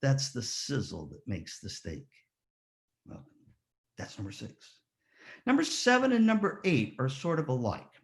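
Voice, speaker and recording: Male ceremony speaker, mid pitch, storyteller who acts out quotes and keeps asking the crowd "yeah?". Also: unhurried, vocal fry, pauses often. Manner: lively storyteller, rhetorical questions, acts out quotes. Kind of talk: motivational speech with stories.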